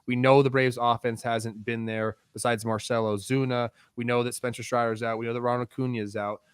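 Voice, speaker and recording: A man's voice: medium pitch, flat delivery, brisk, smooth, dry recording. Chill guy co-hosting baseball talk, says like a lot, dry studio sound. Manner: laid-back, uses "like" a lot. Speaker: sports talk show co-host. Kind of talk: casual sports talk.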